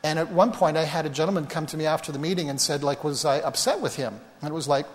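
A pastor with a voice on the high side preaches a sermon quickly, hardly pausing, in a reverberant hall. He tells personal stories in a conversational, self-deprecating way, speaking straight to the congregation.

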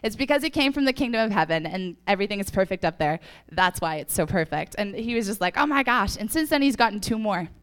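A woman's voice: medium pitch, animated, fast, hardly any pauses, clear, resonant tone. A young woman giving a casual testimony to a church audience, telling stories chattily with laughs and fillers, a little sniffly. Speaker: church speaker.

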